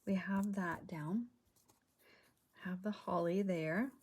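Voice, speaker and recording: A woman's voice: fairly low pitch, slow, darkish tone, slightly rough. A woman hosting a crafting video, chatting casually and half-muttering to herself as she works at home.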